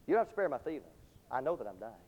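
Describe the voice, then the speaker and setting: A man preaching a sermon to a large crowd, telling a story with passion and dropping from shouts to hushed tones. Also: medium pitch, big pitch swings, very fast. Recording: dull lo-fi recording with long hall reverb.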